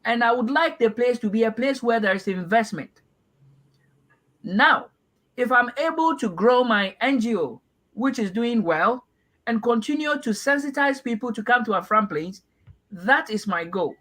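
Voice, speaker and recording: A middle-aged Ghanaian man from Ghana, giving earnest, measured interview answers with frequent restarts. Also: very high voice, animated, bright, forceful tone, poor audio. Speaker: party aspirant guest.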